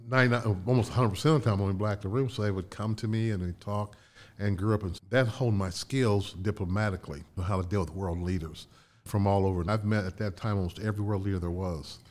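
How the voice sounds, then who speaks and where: An older man from Indiana, a guest in a casual interview, tells animated anecdotes with restarts and laughs. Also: fairly low pitch, fast. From Indiana, USA.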